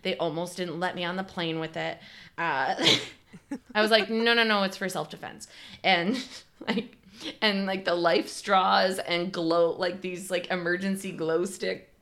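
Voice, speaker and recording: A woman's voice: lowish voice, steady tone, unhurried, a bit bright. A young woman co-hosting a casual podcast. She tells stories in a loose, chatty way, fills her speech with "like" and often breaks into laughs. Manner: chatty storyteller, heavy use of "like", laughs often. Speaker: podcast co-host. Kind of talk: casual chat.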